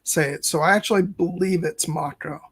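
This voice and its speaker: A man in his late thirties speaks in a casual podcast chat, his fairly high voice edged with a gravelly fry. He talks earnestly and reflectively, letting his sentences wind along as he thinks out loud. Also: fairly even intonation, a little slow. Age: late 30s. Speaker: co-host, first-time viewer.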